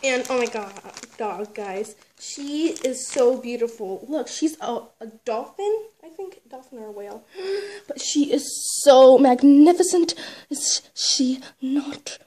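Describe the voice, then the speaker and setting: A woman chatting excitedly while unboxing a toy haul, gushing and squealing, then dropping to hushed whispers. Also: high-pitched, unhurried. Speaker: toy collector vlogger.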